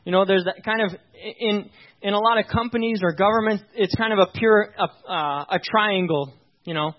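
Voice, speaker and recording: High-voiced man preaching casually, lo-fi. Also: moderate pace. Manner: informal and emphatic, checks in with listeners. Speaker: pastor. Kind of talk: conversational sermon. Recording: dull lo-fi recording.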